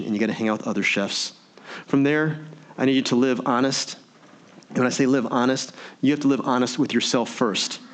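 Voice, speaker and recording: Energetic man giving a motivational talk. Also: medium pitch. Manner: energetic, preacher-like, rhetorical questions. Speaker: motivational speaker. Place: virtual meeting event.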